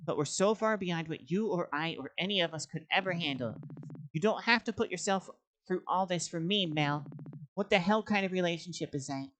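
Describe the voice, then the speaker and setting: A woman's voice: fairly low pitch, fairly quick, a bit bright, slight background noise, natural voice. Woman voicing a self-doubting young paladin. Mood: hurt, defensive. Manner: emotional, defensive.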